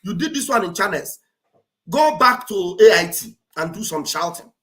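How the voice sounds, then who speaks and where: A woman's voice: medium pitch, sing-song, normal speed, fairly bright tone. A woman giving mocking, exclamatory livestream commentary, repeating phrases for emphasis. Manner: acts out quoted speech with theatrical delivery.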